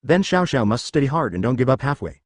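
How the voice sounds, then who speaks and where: A man's voice: mid-range voice, very animated, fast, no room sound, clean studio sound. A man voicing a curious, teasing young wife and mother in a read-aloud web novel. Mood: curious, playful. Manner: curious, playful.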